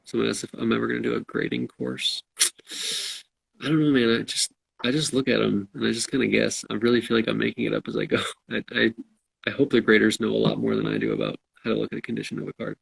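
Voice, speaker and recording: A man's voice: on the low side, little pitch movement, fast talker, creaky, husky, dry recording, rough recording. A man co-hosting a casual live-stream chat, answering viewer questions in a laid-back, self-deprecating way.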